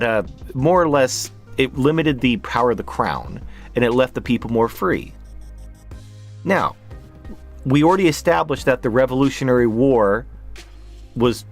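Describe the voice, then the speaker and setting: Brief: a male commentator, blunt, sarcastic, a bit profane. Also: mid-range voice. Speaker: political commentator. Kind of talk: opinion monologue vlog.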